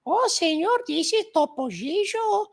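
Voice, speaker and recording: A man's voice: very high-pitched, expressive, unhurried, gravelly, pitched above the performer's own voice, heavily acted. A man putting on the voice of an eager little male cartoon mouse with a Spanish accent.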